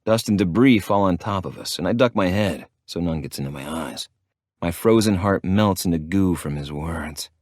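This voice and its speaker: A man narrates a first-person audiobook in a gruff, profane way. His voice is very low. The recording is dry and close, with no room echo. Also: moderate pace, a little mellow.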